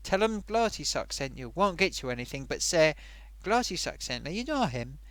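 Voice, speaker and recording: Chatty, animated man hosting a live stream. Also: fairly high pitch, normal speed, dry recording. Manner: rambling, chatty, self-amused, many fillers. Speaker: live-stream host reading viewer comments. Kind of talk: casual live-stream chat.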